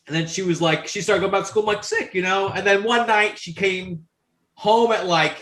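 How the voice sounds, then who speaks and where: High-voiced profane man telling stories. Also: fairly quick. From New York. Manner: profane, animated storyteller, many fillers. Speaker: podcast guest. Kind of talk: casual storytelling chat. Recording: roomy echo.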